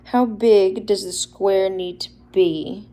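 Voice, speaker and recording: A woman's voice: mid-range voice, steady tone, slow pace, dark tone. A young woman, chatting casually and a little shyly on a livestream, laughing often as she shows handmade toy figures. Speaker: livestream host showing custom toy figures.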